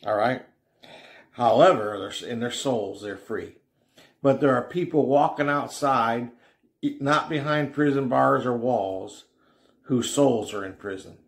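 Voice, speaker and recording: A middle-aged man preaching a conversational sermon in a plain-spoken way, often saying "you know" and laughing softly. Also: mid-range voice, slow. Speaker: radio preacher.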